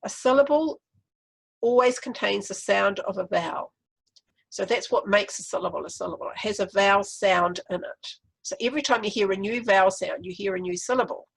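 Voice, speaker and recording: Woman with a new zealand accent, webinar presenter, gravelly husky voice, step-by-step explanations. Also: mid-range voice, a little fast, rough recording. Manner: explanatory, walks through activities step by step. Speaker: literacy educator presenting a webinar.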